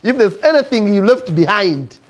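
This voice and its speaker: A man teaching a marriage preparation class, telling an animated story and acting out its voices. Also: sits high, normal speed, highs cut off. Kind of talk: storytelling lesson.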